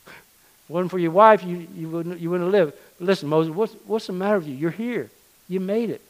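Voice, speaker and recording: A man preaching and voicing God as a stern, exasperated figure who scolds a prophet with loud rhetorical questions. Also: high voice, sing-song, normal speed, pitched above the performer's own voice.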